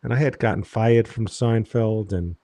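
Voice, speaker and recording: A male comedian telling anecdotes in a deadpan, exasperated casual chat. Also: fairly low pitch, moderate pace. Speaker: comedian, show host.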